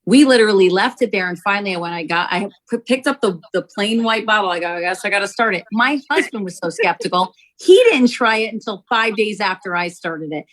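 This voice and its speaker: A woman, a company founder, telling an animated testimonial story to sell her product, acting out quotes as she goes. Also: medium pitch, a little fast, few pauses, low-quality recording. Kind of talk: testimonial sales pitch.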